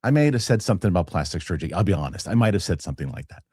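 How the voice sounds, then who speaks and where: Animated man ranting through a story. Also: low-pitched, racing, husky, no room sound, clean studio sound. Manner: heated, animated, swears, acts out quoted people. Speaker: show host. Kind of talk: casual storytelling rant.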